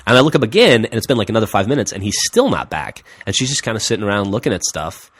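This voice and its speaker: A man on a podcast, casually telling a long story in a rambling, deadpan way, his voice dropping quiet for quoted lines. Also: fairly low pitch, racing, breathy edge. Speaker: podcast host.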